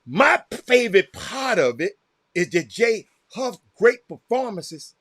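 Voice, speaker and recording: A man with a Southern American accent hosting a casual livestream, reacting loudly to a game and calling out viewers by name. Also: high-pitched, slow, dry recording, clean studio sound. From Texas. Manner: excitable, reacts loudly to a game while chatting; addresses viewers by name, repeats himself. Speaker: livestream host. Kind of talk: casual chat with live viewers.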